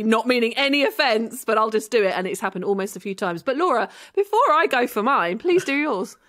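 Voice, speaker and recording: A woman's voice: fairly high pitch, fairly quick, hardly any pauses. A woman in her thirties from southern England, hosting a podcast with giggly, swearing banter. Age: 30s. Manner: giggly, swears freely, animated. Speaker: podcast host. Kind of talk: casual podcast chat.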